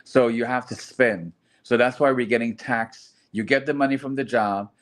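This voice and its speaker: A man's voice: mid-range voice, fairly even intonation, moderate pace. A man in casual group chat, earnestly explaining his views step by step. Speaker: host.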